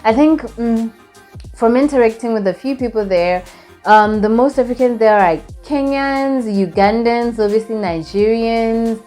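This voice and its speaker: A young woman from Botswana recapping a trip in a casual vlog, chatty and animated, with lots of fillers. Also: on the high side, unhurried, soft background music. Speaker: vlogger.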